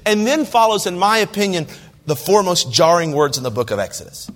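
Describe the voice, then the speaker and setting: A pastor delivers a sermon in a high-pitched male voice, moving between scripture reading and casual asides to the congregation. The reverb trails on long after each phrase, as in a large church hall. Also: expressive, moderate pace, fairly bright tone. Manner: conversational, asks the listeners direct questions; reads scripture aloud in King James wording.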